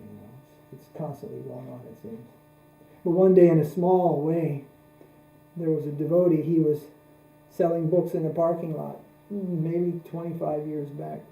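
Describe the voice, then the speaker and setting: In an echoey room with a mains hum in the background, a man lectures on religion as a spiritual teacher. His voice is a little high and warm, and his delivery measured, repetitive and full of anecdotes.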